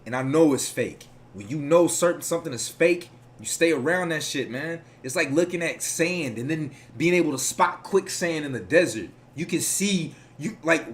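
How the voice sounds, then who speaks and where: A man giving casual reaction commentary, rambling, profane and preachy as he lectures his audience. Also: on the high side.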